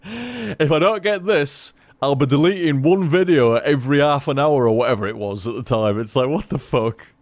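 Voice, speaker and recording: A man's voice: fairly high pitch, moderate pace, no room sound. A man in casual rambling chat as a gaming commentator, chatty, laughing at himself and swearing freely.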